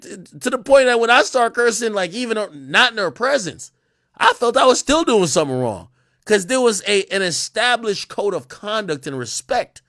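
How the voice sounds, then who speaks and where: Animated, profane young man ranting. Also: very high voice, no room sound, clean studio sound. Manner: animated, profane, excitable storytelling with frequent restarts. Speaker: livestreamer. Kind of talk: casual livestream rant.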